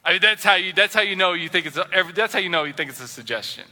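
A man preaching a sermon as pastor, animated and acting out the voices of the people he quotes. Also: sits high, very fast, in a large hall.

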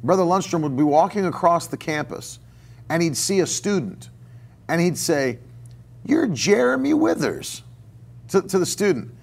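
A man delivering a sermon as a pastor, with a voice pitched a little above the usual for men. He preaches conversationally, circling back and repeating phrases as he goes. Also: normal speed, a little mellow. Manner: conversational preaching with repetitions and restarts. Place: church.

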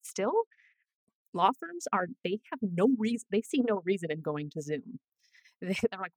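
A woman career coach chatting as an interview guest, animated and full of quick asides. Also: medium pitch, dry recording. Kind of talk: casual interview chat.

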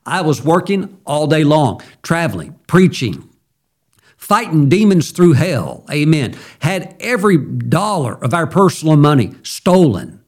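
A man's voice: fairly high pitch, very animated, measured pace. A middle-aged male pastor preaching a sermon in a conversational, storytelling way, with sudden emphatic jumps.

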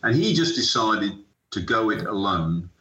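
A man's voice: lowish voice, a little slow. A middle-aged man from the UK, a sports entrepreneur telling stories as an interview guest, acting out the conversations he recalls. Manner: animated anecdotal, acts out dialogue. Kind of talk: storytelling interview. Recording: echoey room, dull lo-fi sound.

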